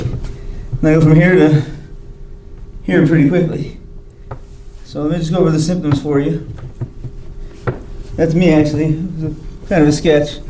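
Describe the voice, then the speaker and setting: A man's voice: on the high side, warm tone, roomy sound, a little hiss or hum, poor audio. A man giving a hospital grand rounds talk, telling his own story candidly and wryly, acting out the people he quotes. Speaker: physician speaker. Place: hospital lecture hall.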